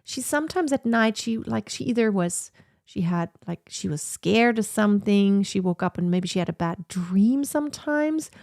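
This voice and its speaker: A woman's voice: mid-range voice, expressive, moderate pace, darkish tone, dry recording, clean studio sound. A woman in her thirties chatting casually and reflectively on a sit-down livestream from her home office, with lots of fillers. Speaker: vlogger.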